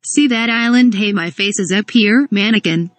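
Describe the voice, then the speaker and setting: A woman with a fairly high pitch reads a comedic parody script at normal speed, shifting between stage directions and spoken lines and spelling certain names out letter by letter. The recording is close and dry, with no room echo.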